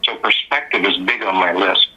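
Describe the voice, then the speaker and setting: Bright, husky male musician telling stories. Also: deep voice, normal speed, muffled recording. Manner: animated anecdotal storyteller. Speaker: musician guest. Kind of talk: casual storytelling interview.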